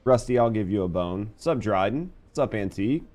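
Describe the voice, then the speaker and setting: A man's voice: on the low side, lively intonation, brisk, darkish tone. A man hosting a live game stream, chatting casually and thanking viewers by name.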